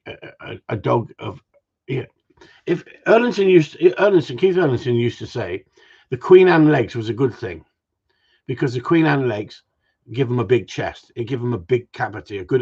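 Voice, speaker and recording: Man, husky low voice, blunt and repetitive trainer chat, lo-fi sound. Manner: blunt, opinionated, repeats himself. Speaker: gundog trainer. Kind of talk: casual livestream chat.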